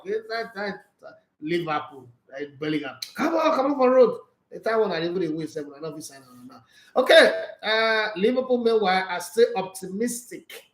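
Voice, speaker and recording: A man's voice: high voice, lively intonation, normal speed, echoey room. A Nigerian man reading football transfer news aloud with opinionated asides and jokes slipped into pidgin. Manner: opinionated, joking asides in pidgin, laughs often. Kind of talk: casual chat reading and reacting to news.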